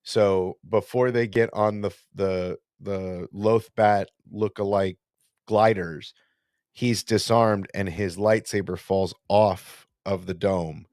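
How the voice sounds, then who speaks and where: A man's voice: lowish voice, fairly even intonation, slow, a little mellow, no echo, clean studio sound. A man co-hosting a casual fan podcast, talking in a rambling, self-correcting, playful way. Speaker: podcast co-host.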